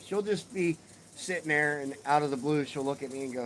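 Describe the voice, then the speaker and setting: A middle-aged man chats with viewers on a casual live stream from his porch outside, full of profane, joking banter. He speaks fairly quickly in a steady, medium-pitched voice. The poor audio carries a little hiss or hum.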